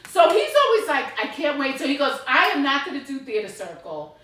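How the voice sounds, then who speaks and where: A middle-aged woman co-hosting a casual podcast tells stories in a high, slightly quick voice, animated and swearing a lot as she acts out quotes. She sounds distant in an echoey room.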